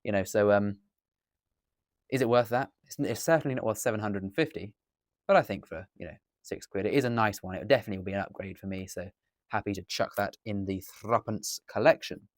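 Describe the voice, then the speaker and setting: A man's voice: on the low side, a little fast, dry recording, studio quality. An English man chatting through a coin unboxing as a dealer, rambling and correcting himself as he goes. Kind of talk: casual unboxing commentary. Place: indoors at a table.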